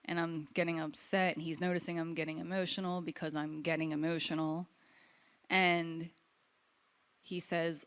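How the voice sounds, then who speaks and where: A woman's voice: low-pitched, little pitch movement, normal speed, fairly bright tone, clean tone. A young adult woman telling a personal story on stage at a live storytelling event, candid and wry, with self-deprecating humor.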